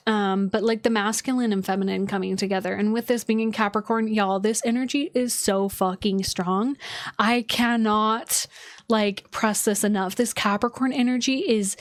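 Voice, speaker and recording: A woman's voice: mid-range voice, no room sound, clean studio sound. A woman astrologer chatting casually on a livestream from home, loose and filler-heavy, with casual swearing.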